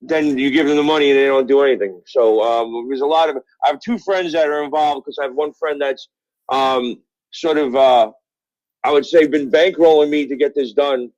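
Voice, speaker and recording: A man's voice: mid-range voice, normal speed, a little mellow, no echo. A middle-aged man from Brooklyn, a guest telling rambling, profane stories full of fillers over the phone. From Brooklyn, New York. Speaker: guest, author. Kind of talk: casual interview chat. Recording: dull phone-call audio.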